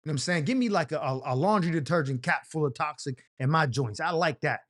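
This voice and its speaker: Animated man giving slangy comedic advice. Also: fairly high pitch, fast talker. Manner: animated slangy storytelling, acting out quoted voices. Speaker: advice show host. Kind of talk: comedic advice monologue reading letters.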